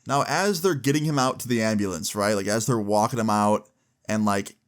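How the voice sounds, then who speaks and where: A young man vlogger telling a storytime in casual, animated speech with frequent swearing. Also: lowish voice, brisk, smooth. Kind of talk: storytime vlog.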